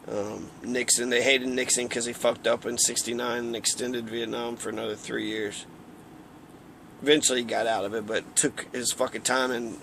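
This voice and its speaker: A man's voice: medium pitch, gravelly, a bit bright, slight background noise. A man giving a casual, heated political rant, rambling and swearing often. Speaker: political commentator.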